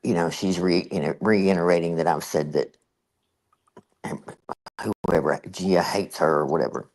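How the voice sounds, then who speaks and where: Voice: low voice, steady tone, moderate pace, darkish tone. A host giving casual, rambling, exasperated reaction commentary on a clip.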